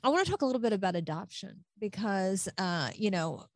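A woman's voice: medium pitch, expressive, a little fast, no room sound. A woman hosting an interview, talking in a chatty way with lots of fillers and restarts. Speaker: interview host. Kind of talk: conversational interview.

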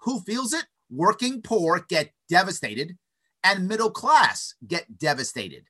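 A man holds forth as an interview guest. He argues eagerly, stumbling into restarts and checking in with quick "right?" tags. His voice sits high and bright, and it swings widely in pitch. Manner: animated, stutters restarts, frequent "right?" tags. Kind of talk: opinionated conversational monologue.

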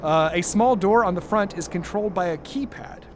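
A young man narrating a tabletop role-playing game as game master, casual and halting with many fillers. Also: high-pitched, slight background noise.

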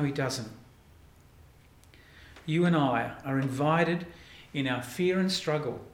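A male pastor preaching a sermon in an earnest way, often repeating words and dropping softly into prayerful lines. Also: a little high, echoey room.

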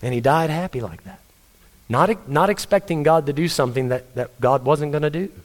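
A man's voice: on the high side, moderate pace. A man, a pastor delivering an earnest, conversational sermon with stories. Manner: earnest, conversational preaching with story-telling.

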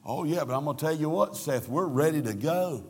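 A man quoting an overly friendly older woman who smells of drink, in a soft, low voice. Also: lively intonation, fairly quick, breathy edge, long reverb tail. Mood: chatty.

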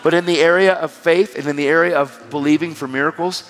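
A man preaching a sermon, telling a story with animated, emphatic exhortations. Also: on the high side, quick pace, a little hiss or hum. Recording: reverberant hall with music behind.

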